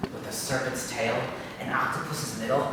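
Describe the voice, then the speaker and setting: A man's voice: medium pitch, fairly even intonation, moderate pace, background noise. A man performing a one-man comic monologue on a theater stage, chatty and full of fillers. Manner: conversational, lots of fillers and self-interruptions. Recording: echoey live theater from far off.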